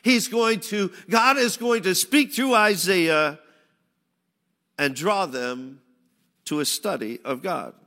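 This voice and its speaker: A man preaching a sermon, shifting from loud pleading cries to hushed, low phrases. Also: takes it slowly, in a large hall. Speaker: pastor.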